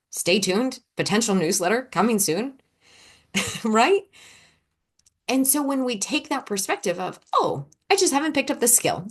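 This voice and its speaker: A woman hosts her own podcast and talks straight to her listeners in a loose, unscripted way. She sounds candid and encouraging, drops the odd swear word, and swings her tone up and down as she talks. Her voice sits at an ordinary middle pitch for a woman. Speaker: podcast host and coach. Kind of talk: casual solo podcast talk.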